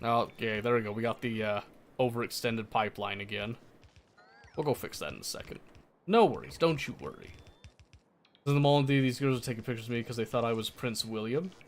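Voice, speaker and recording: A man's voice: mid-range voice, fairly quick. A young American man chatting casually on a livestream, laughing often and answering chat. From United States.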